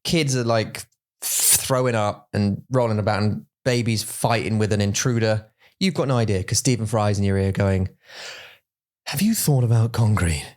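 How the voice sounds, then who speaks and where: Pria yang bercerita dengan hidup. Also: male voice, on the low side, moderate pace. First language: English. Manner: animated storytelling, acts out voices for effect. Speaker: podcast co-host. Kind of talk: casual bilingual chat.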